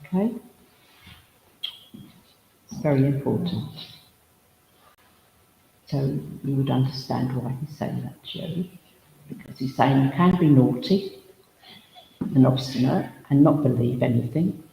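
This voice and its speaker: A man's voice: mid-range voice, a little slow, gravelly, pauses often, warm tone. Chatty male medium in an echoey hall. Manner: chatty and humorous, full of asides and anecdotes. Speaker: spiritualist medium and minister. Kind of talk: mediumship demonstration at a service. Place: village hall. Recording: echoey hall reverb, faint noise.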